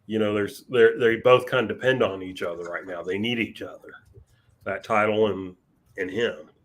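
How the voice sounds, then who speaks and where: A man co-hosting a podcast in casual chat, talking in a measured, wry and dryly sarcastic way. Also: fairly low pitch, fairly even intonation. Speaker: podcast co-host.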